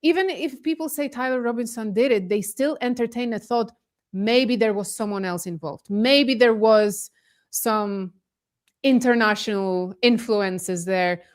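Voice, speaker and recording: Animated woman guest from Poland. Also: on the high side, measured pace. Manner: animated, incredulous emphasis. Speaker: guest commentator. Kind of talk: casual podcast discussion.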